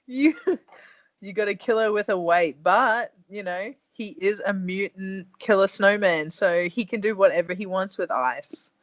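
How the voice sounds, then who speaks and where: A woman's voice: medium pitch, a little slow, no echo. A woman guesting on a podcast in casual chat, playful and laughing often.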